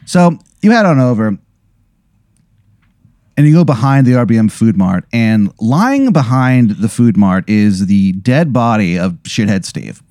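Lively rambling man telling a story. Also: fairly low pitch, a little slow, dry recording, studio quality. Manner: rambling, lots of likes and you-know-what-I-means. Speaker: host telling a hypothetical. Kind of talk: casual storytelling chat.

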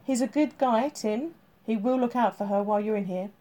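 In an audiobook reading, a woman voices a gruff male police chief who is firm and blunt with his detective. Her own voice is fairly high, fairly quick, mellow and natural.

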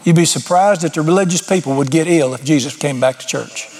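A man's voice: fairly high pitch, fairly quick, darkish tone. A middle-aged man preaching an informal sermon, folksy and blunt, with sudden emphatic rises.

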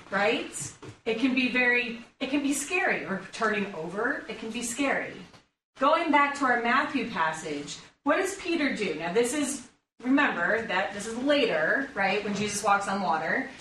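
Higher-pitched woman preaching in a roomy space. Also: pushed and bright. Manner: engaging, asks the group questions. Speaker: pastor or Bible study leader. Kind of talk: conversational sermon. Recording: roomy, distant mic, faint room noise.

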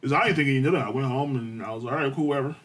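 Laughing, animated male storyteller. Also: medium pitch, rapid-fire. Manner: animated storytelling, swearing freely, laughing often. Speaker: podcast co-host. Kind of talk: casual chat.

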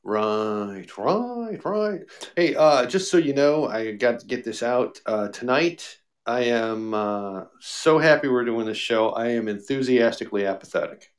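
A man's voice: medium pitch, measured pace, hardly any pauses. Guy, podcast co-host, jokey and rambling. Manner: joking, rambling, mock radio-DJ bits. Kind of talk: casual chat.

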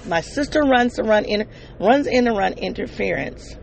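Podcast host, gravelly fry in the voice, halting confessional storytelling full of restarts. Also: medium pitch, animated, a little hiss or hum, rough recording. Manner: halting, with frequent restarts and self-corrections; earnest, addresses listeners directly. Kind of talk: emotional personal storytelling.

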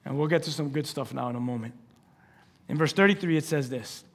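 A male pastor preaching a sermon, telling scripture stories with animated acted-out dialogue, swinging between loud exclamations and hushed asides. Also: a little high, brisk, breathy edge. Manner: animated storytelling, acting out scripture scenes.

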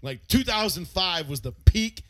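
Man, thirties, podcast co-host, casual profane rambling, slightly high voice, dry close sound. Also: very animated, measured pace, a bit bright, no room sound. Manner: loose, profane, rambling with many fillers. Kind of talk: casual chat.

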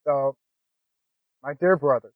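A man's voice: medium pitch, takes it slowly, no echo. Earnest man on a tinny line. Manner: earnest and candid, says "man" and "you know" often. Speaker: podcast guest. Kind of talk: conversational storytelling. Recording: dry, phone-like narrow sound.

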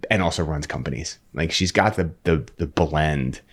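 A man as a podcast guest, telling an earnest, animated story in casual conversation and often repeating words as he restarts a thought. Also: extremely low pitch, moderate pace, breathy edge.

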